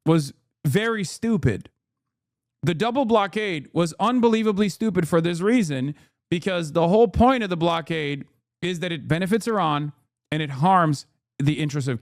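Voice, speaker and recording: A man's voice: fairly high pitch, vocal fry, no room sound, studio quality. A man in his thirties streaming political commentary, sarcastic and profane, mocking as he reacts to the news.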